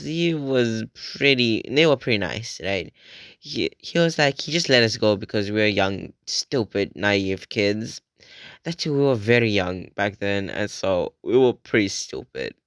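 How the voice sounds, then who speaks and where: A man's voice: lowish voice, fairly bright tone, dry recording, clean studio sound. Rambling teenage boy telling a story. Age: teens. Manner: rambling, swearing, acts out quoted friends in a raised voice. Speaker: vlogger. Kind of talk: casual storytelling.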